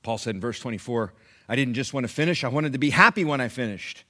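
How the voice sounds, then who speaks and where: A middle-aged male preacher at medium pitch swings from raised exhortation to low, near-whispered pleading. Emphatic repetition and drawn-out, unhurried stresses shape his sermon.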